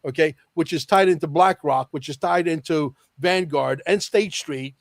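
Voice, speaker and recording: A man's voice: a little high, normal speed, creaky, no echo. A man as a podcast guest, talking emphatically and repeating key lines for effect. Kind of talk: podcast interview talk.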